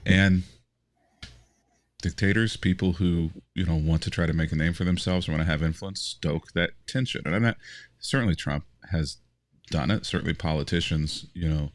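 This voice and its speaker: A man co-hosting a casual faith podcast, animated and stammering through restarts. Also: low voice, normal speed, dry recording. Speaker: podcast co-host.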